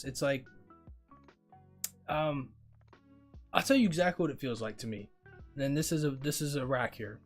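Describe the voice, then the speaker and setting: Young male streamer, loose rambling delivery, mid-range voice, faint music bed. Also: medium pitch. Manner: rambling, talks straight to chat, says bro often. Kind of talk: casual chat reading viewer comments.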